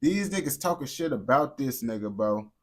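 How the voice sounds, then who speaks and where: A man's voice: medium pitch, lively intonation, normal speed. A man streaming and reacting to clips in casual, profane, slangy commentary. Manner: blunt, profane, slangy banter.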